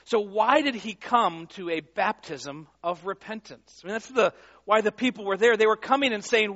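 High-voiced pastor preaching in a conversational way. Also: male voice, normal speed, pushed and bright, lo-fi sound. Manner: conversational and emphatic, with fillers and restarts. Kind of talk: sermon.

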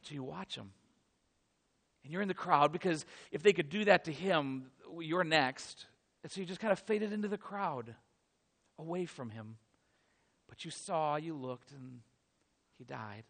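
High-voiced pastor preaching dramatically. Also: male voice, expressive, unhurried, pauses often. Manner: dramatic storytelling, swinging from hushed to loud. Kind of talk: sermon.

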